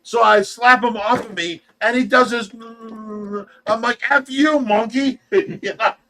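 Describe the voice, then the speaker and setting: Midwestern American male host, high and bright, tells stories loudly and animatedly on a casual livestream. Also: moderate pace, gravelly, slight background noise. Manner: animated, shouts and mimics in the telling. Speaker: show host telling a story.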